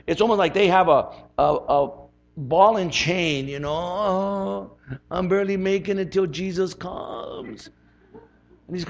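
Brief: male pastor preaching in an easy, emphatic way, somewhat high voice, dull lo-fi recording. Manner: conversational, emphatic, repeats phrases. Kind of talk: sermon.

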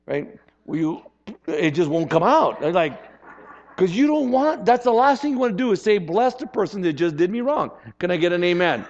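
Animated male pastor, dull lo-fi sound. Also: fairly high pitch. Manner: animated, conversational preaching with rhetorical questions. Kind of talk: sermon.

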